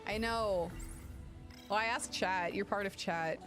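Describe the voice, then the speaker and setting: A woman streaming a video game in casual, profane chat, swinging between low mutters and excited shouting over game music. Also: a little slow. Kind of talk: casual let's-play chat. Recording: game music playing behind.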